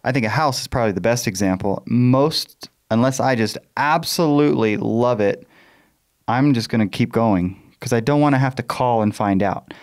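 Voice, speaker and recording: Smooth-voiced male podcast host. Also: mid-range voice, a little mellow. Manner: measured, plays devil's advocate. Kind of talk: casual podcast discussion.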